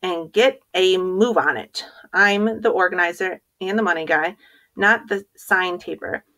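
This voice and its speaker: A woman's voice: lowish voice, measured pace, pushed and bright. A woman reading aloud, voicing a bossy, hot-tempered schoolboy who barks orders at his friend. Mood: snappish. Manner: snappish, barking orders. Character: bossy, hot-tempered schoolboy running a dog-walking business.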